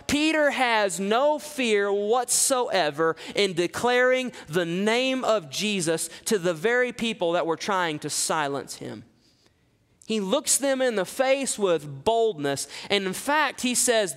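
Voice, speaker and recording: Male pastor, high voice, expository sermon with dramatic readings, long hall reverb. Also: expressive, takes it slowly, clear, resonant tone. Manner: preaching with dramatic scripture reading, rising loud on quotes, dropping low for asides.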